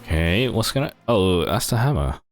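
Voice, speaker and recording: Very deep-voiced male game streamer. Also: sing-song, normal speed, faint music behind. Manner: chatty, wry reactions to the game. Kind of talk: casual live-stream commentary.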